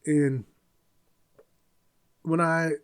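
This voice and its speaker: Man, 40s, podcast host, casual monologue, blunt venting, slightly high voice. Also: level tone, drawn-out words, clear, resonant tone.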